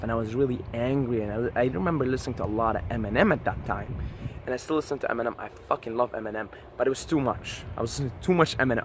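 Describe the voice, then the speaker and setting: A man's voice: medium pitch, fairly bright tone. Man vlogger, passionate swearing pep talk, casual, faint street traffic behind. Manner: passionate, profane, repeats "right?". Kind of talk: casual motivational monologue to camera.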